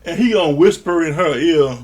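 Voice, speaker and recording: A man's voice: a little high, brisk, a little mellow. A man recapping a reality show in a casual, blunt and profane way, sounding exasperated. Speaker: show reviewer.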